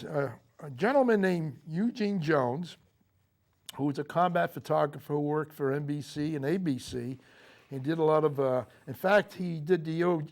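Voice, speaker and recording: An older man, a Marine veteran, recounting his memories in a TV interview, speaking haltingly with frequent fillers and restarts. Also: on the high side, darkish tone. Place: local TV studio.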